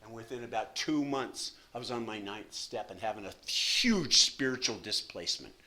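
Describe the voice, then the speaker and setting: A man in his sixties speaking at a recovery meeting from a podium, telling his story in an animated, self-deprecating way with lots of repetition. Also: on the low side, normal speed. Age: 60s. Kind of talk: personal recovery story talk.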